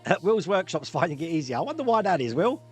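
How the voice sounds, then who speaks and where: A man hosting a live-streamed pub quiz, jokey and quick to laugh as he reads out multiple-choice options. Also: fairly high pitch, big pitch swings, music in the background. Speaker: quiz host.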